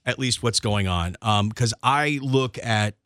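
A young man co-hosting a casual chat podcast, joking around with wry deadpan asides. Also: fairly low pitch, unhurried, no room sound, clean studio sound. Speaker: podcast co-host.

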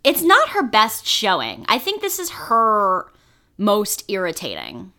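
A young woman co-hosting a podcast in casual chat, blunt, profane and animated. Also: medium pitch, slow. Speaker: podcast co-host.

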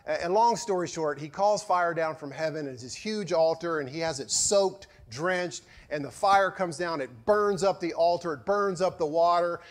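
Storytelling pastor preaching a sermon. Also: male voice, a little high, normal speed, hardly any pauses. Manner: storytelling, sarcastic, swings from loud to hushed.

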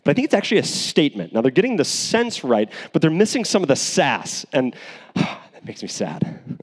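A man preaching a sermon in an animated, conversational way, with asides and restarts. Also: on the high side, moderate pace, long reverb tail. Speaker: pastor.

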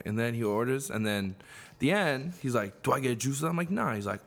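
A man with a gravelly New voice at an ordinary pitch tells a work story. He is laid-back and amused, with profanity dropped casually throughout. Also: animated, brisk. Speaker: podcast co-host, restaurant worker.

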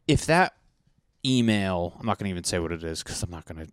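Deep-voiced young man rambling casually. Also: racing, smooth, no room sound, studio quality. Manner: rambling, profane, self-mocking. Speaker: vlogger. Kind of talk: casual chat to camera. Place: at home.

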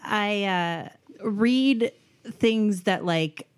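An easygoing woman talks on a podcast at a middle pitch, relaxed and friendly in tone, and sometimes reads listener questions aloud. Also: drawn-out words, clean tone. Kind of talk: casual podcast chat.

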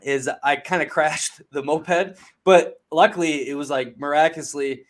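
Guy rambling thru a travel story, swears a lot, kinda higher voice. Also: fairly even intonation, normal speed. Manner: profane, rambling storyteller with frequent fillers. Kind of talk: casual chat.

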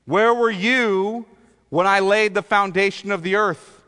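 Give me a stern, sarcastic God voiced by a male preacher hammering out slow, booming rhetorical questions. The voice sits fairly high for a man and rings with a long hall echo. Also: bright, forceful tone, smooth.

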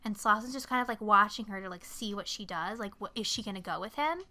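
A young woman co-hosting a podcast, recapping a movie in a casual, animated way with lots of swearing and acted-out quotes. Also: mid-range voice, fast talker. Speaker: podcast co-host.

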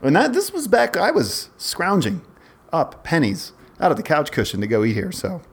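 A man's voice: fairly high pitch, huge pitch swings, moderate pace, husky. Rambling man telling a long story. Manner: rambling, self-interrupting storyteller. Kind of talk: casual storytelling chat.

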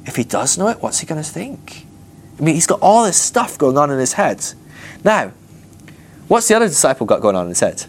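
Animated, joking man teaching. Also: a little high, fairly quick. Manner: jokey, animated, acts out voices of Bible characters. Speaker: preacher teaching a ministry school class. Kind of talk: casual humorous Bible teaching.

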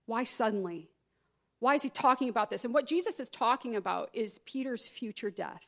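Woman, middle-aged, pastor, sermon, slightly high voice, expressive delivery. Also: a little fast. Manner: expressive preaching, acting out quoted voices with rising pitch.

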